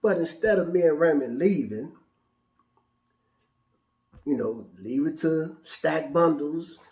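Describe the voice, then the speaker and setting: Higher-voiced man telling a story in an echoey room. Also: slow pace. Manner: animated, casual, profane, restarts often. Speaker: show host. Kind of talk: personal storytelling.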